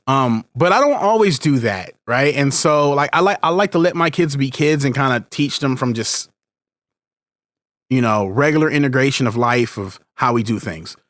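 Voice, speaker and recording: A man of medium pitch and lively intonation co-hosts a conversational podcast, speaking at a moderate pace with a slightly bright tone. The clean studio recording has no room sound, and he rambles as a parent, restarting and going off on tangents.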